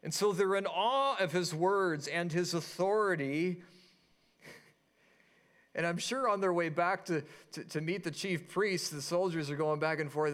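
A pastor preaching a sermon, reading scripture and retelling it in an animated, storytelling way. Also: male voice, fairly high pitch, normal speed. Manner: animated storytelling, acting out quoted voices.

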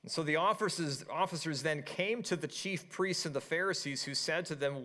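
A pastor preaching a sermon, reading scripture and retelling it in an animated, storytelling way. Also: male voice, fairly high pitch, normal speed, few pauses. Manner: animated storytelling, acting out quoted voices.

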